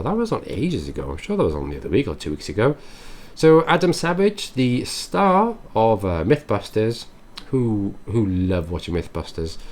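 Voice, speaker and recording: A man's voice: fairly low pitch, a little mellow. Casual man reading tech headlines. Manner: reads headlines then adds offhand chatty asides and musings. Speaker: tech news host.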